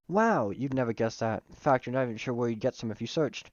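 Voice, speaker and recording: A man's voice: mid-range voice, animated, fast, hardly any pauses, a little mellow, no echo, dull audio. A man streaming himself playing a visual novel, reading the text aloud with playful, joking asides.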